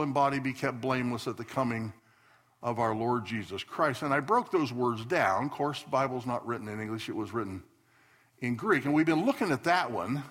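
A male pastor preaching a sermon, swinging between loud emphatic declarations and soft asides. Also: medium pitch. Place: church sanctuary.

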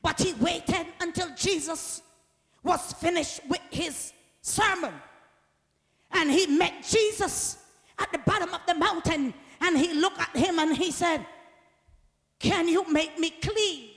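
A woman preacher giving a sermon in call-and-response style. She drives the congregation with repeated questions and builds to shouted peaks. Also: extremely high pitch, measured pace. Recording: long reverb of a large hall.

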